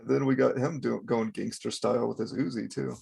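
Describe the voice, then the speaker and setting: Gravelly-voiced man reviewing comics. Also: mid-range voice, steady tone, a little fast, a little mellow. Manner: wry, laughing commentary. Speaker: channel host. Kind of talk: casual comic book review chat.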